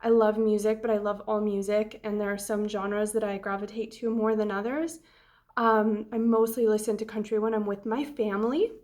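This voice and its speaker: A woman's voice: medium pitch, steady tone, normal speed, darkish tone. A young adult woman vlogging about a trip, chatty and emotional, with frequent ums and restarts. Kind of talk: casual travel vlog.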